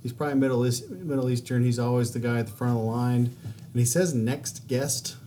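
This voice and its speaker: A man's voice: mid-range voice, quick pace, warm tone, a little hiss or hum. A man in a casual comedic chat, talking loosely and profanely and slipping into mocking voices. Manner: loose, profane, many "like" fillers and mock voices.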